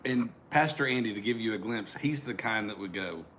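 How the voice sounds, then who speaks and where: A middle-aged man co-hosting a casual talk show, relaxed and chuckling. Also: on the low side, a little fast. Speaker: co-host. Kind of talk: casual chat.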